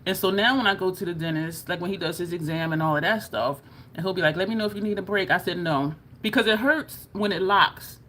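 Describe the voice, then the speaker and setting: A woman's voice: fairly low pitch, fast talker, a bit bright, a little hiss or hum. Chatty woman telling a story. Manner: chatty, laughing, demonstrating on her own jaw. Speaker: beauty vlogger. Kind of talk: casual storytelling to camera.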